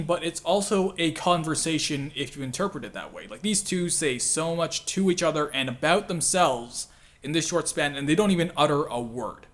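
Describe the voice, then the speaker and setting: Guy hosting a laid-back video commentary, self-deprecating, chatty, slightly high voice. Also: a bit bright. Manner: chatty and self-deprecating, with frequent laughs and "like" fillers. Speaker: channel host and voice actor.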